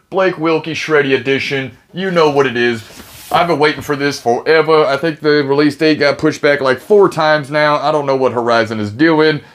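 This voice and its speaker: A man hosting a casual unboxing review, excitable, jokey and rambling. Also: medium pitch. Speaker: channel host, reviewer.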